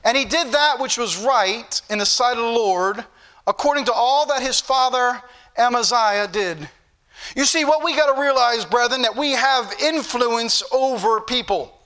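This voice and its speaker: High bright-voiced preacher man. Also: moderate pace, clean tone. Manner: preachy, repetitive emphasis. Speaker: pastor. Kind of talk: sermon.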